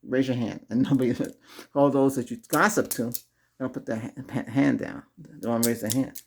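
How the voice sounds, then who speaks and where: A man's voice: mid-range voice, fairly even intonation, moderate pace, gravelly, darkish tone, slight background noise. A man hosting a Reiki video, giving casual spoken advice to viewers, chuckling often and repeating himself. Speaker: Reiki ASMR host.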